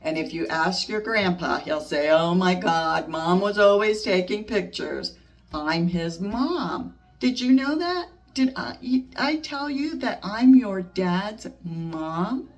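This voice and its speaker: An older woman reading a picture book aloud to her baby granddaughter in a gentle, sing-song storytime voice, stopping to chat about the pictures. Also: lowish voice, lively intonation, slow pace, distant mic. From United States.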